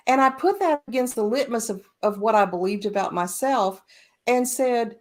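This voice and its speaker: A woman's voice: fairly high pitch, lively intonation. Woman, podcast host, casual spiritual talk, storytelling, emphatic, varied pace. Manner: storytelling, speeds up and slows down, emphatic.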